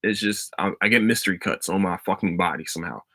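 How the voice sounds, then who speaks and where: A young man hosting a casual solo podcast, ranting about a TV finale in a profane, excitable, rambling way full of restarts. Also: low-pitched, fast talker, dry recording. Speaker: podcast host.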